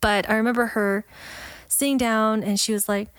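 A woman guest on a podcast, telling a story in lively casual chat, laughing often and acting out the voices of the people in it. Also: fairly high pitch, moderate pace, smooth, dry recording. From Texas, USA. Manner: animated, laughs often, acts out quoted voices.

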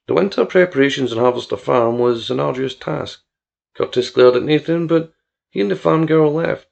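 Gravelly male audiobook narrator. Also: medium pitch, normal speed, a little mellow.

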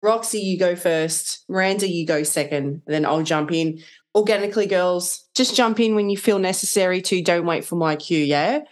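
A woman hosting a relationship podcast, upbeat and lively in casual chat, laughing easily with her guests. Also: on the low side, normal speed. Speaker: podcast host.

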